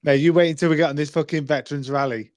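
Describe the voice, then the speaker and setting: A man's voice: fairly high pitch, steady tone, very fast, a little mellow. A man joking and teasing his friend in a casual podcast chat. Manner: teasing, laughing banter. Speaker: podcast co-host.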